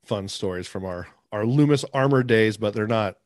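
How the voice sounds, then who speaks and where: A man's voice: fairly low pitch, moderate pace, no room sound. Laid-back Californian man hosting, dry sound. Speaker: podcast host. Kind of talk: casual interview chat.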